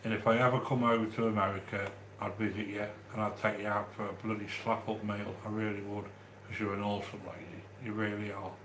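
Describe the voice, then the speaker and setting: A man from the English Midlands with a Midlands accent, hosting a live stream and chatting warmly with viewers as he reads their comments, with frequent restarts. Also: lowish voice, level tone, a little fast, few pauses, echoey room, a little hiss or hum. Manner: chatty and affectionate, with many restarts. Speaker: livestream host reading chat. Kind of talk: casual live-stream chat.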